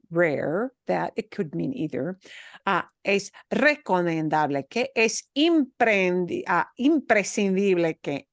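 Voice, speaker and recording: A woman teaching a class, patiently explaining and rephrasing, slipping in short Spanish phrases with a chatty, lively manner. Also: fairly low pitch, creaky, dry recording, studio quality.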